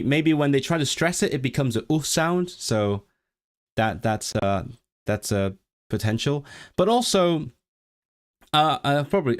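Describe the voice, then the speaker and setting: A man whose first language is Cantonese, hosting a casual livestream chat, rambling with many restarts and reading chat messages aloud. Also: mid-range voice. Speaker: livestream host.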